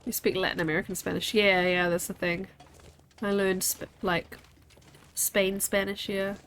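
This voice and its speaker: A woman's voice: medium pitch, little pitch movement, moderate pace, a bit bright, slight background noise. A woman, chatting casually while streaming a game and rambling as she answers her chat.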